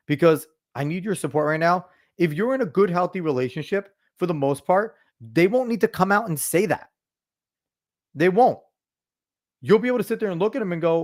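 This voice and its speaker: A man's voice: high voice, a little mellow. Blunt, profane ranting male podcaster. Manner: emphatic, lectures the listener. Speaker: podcast host. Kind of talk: casual podcast commentary.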